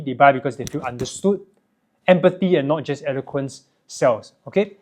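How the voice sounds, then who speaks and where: A young Singaporean man with a Singaporean English accent, teaching sales and communication skills in an energetic, emphatic way, often checking in with a quick "right?". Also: on the high side. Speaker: sales and self-help educator. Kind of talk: direct-to-camera teaching monologue.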